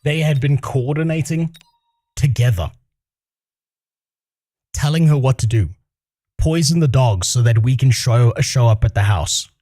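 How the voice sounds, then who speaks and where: A man's voice: mid-range voice, a little slow, long pauses, warm tone. Swearing, heated male streamer. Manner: profane, heated, swears constantly. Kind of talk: casual storytime rant.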